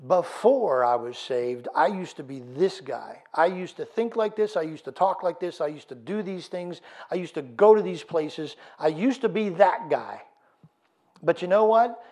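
A man's voice: fairly high pitch, lively intonation, normal speed, darkish tone. A man preaching a sermon as pastor, firing rhetorical questions and building in intensity. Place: church.

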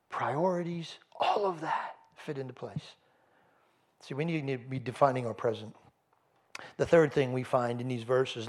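A man preaching a sermon as pastor, firing rhetorical questions and building in intensity. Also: mid-range voice. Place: church.

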